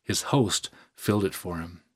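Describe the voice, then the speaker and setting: A man reads a story aloud in a measured, even way. His voice is low and a little husky. The telling stays calm and steady. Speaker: narrator. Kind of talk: audiobook reading.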